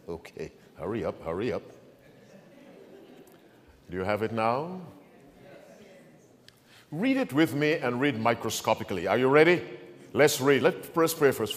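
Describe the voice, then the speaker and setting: A male pastor with a medium-pitched voice preaches a sermon, calling on the congregation to answer back and shifting between quiet asides and loud proclamation. The sound has a long reverb tail.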